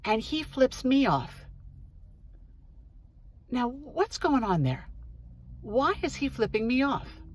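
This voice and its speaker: A woman's voice: high-pitched, sing-song, slow, long pauses, a little hiss or hum. A woman hosting her own show, telling a personal story in a candid, earnest monologue while sitting in her parked car. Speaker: host. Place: parked car in a parking lot.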